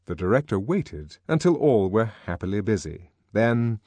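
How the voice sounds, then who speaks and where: A man reading an audiobook as narrator, in measured, expressive scripted storytelling. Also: lowish voice, slightly rough, dry recording.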